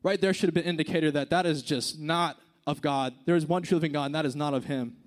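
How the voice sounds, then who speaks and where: A man preaching a casual, conversational sermon, dropping to hushed tones and rising to emphatic points. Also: fairly high pitch, fairly even intonation, fast talker.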